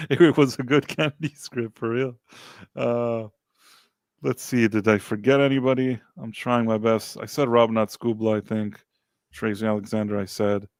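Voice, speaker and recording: A relaxed man hosts a casual livestream chat and thanks his viewers by name. His voice sits at an ordinary middle pitch. The recording is dry and close, with no room sound. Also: normal speed, dry recording. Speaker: podcast host.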